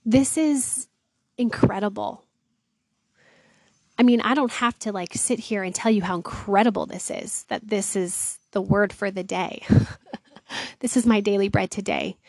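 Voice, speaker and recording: Mid-range and a little mellow, her voice moves at a measured pace with frequent pauses, recorded without echo. She reads scripture for her devotional series and then retells it in casual slang, earnest and full of wonder, often crying out "wow."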